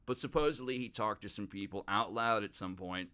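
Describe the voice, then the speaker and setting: A man's voice: fairly low pitch, brisk, bright, forceful tone, smooth. A man hosting a podcast, telling a true-crime story in a casual, rambling way, swearing freely and mocking the people he talks about. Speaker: podcast host.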